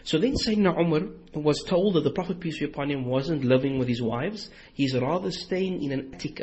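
A man's voice: mid-range voice, a little mellow, husky, highs cut off. A man giving an Islamic lecture in a series, retelling stories animatedly with quoted dialogue.

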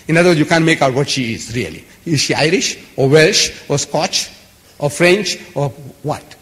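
A man with a fairly high, slightly bright voice lectures passionately to a live audience at a normal speed. Emphasis and repetition drive his talk as he stacks up long lists, and the recording has the echo of a hall.

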